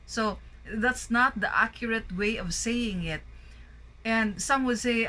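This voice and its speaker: A woman's voice: on the high side, bright, forceful tone, rough recording. A woman with a Filipino accent, teaching an English pronunciation lesson and drilling words one by one. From Philippines. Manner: slow, deliberate word drilling.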